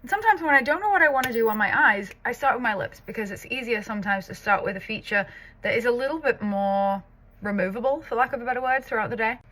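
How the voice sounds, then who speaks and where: A woman in her thirties from the north of England with a muddled British-American accent and Scouse traces, chatting casually through a makeup tutorial and often dropping to a soft near-whisper. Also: a little high, quick pace. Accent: mixed British and American, with Scouse traces. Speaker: makeup artist and content creator. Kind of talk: get-ready-with-me makeup tutorial.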